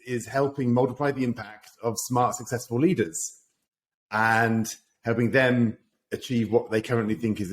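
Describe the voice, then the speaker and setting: A middle-aged British man talking casually as an interview guest, relaxed and thoughtful with frequent fillers. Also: mid-range voice. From Britain. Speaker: guest, executive coach. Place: home office in Paris.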